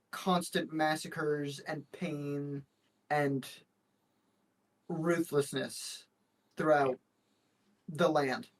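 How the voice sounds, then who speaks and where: A man playing a tabletop game, talking in a rambling, hesitant way with many restarts. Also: a little high. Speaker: player. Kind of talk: casual tabletop game chat.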